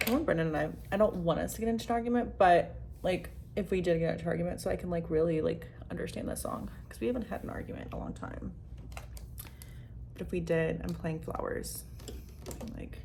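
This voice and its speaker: A young woman talks her way through a makeup tutorial, loose and chatty, stringing thoughts together with plenty of "like" and casual swearing. Her voice has a strong creaky fry, and now and then she sinks into a soft near-whisper. A faint hiss sits under the recording. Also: lowish voice, fairly quick. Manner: rambling, filler-heavy, frequent "like", swears casually. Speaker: vlogger.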